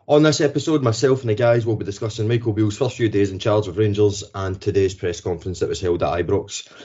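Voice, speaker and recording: A man's voice: on the low side, quick pace, darkish tone. A man hosting a casual football podcast, chatty, with frequent ums and restarts. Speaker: podcast host. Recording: dull lo-fi podcast audio.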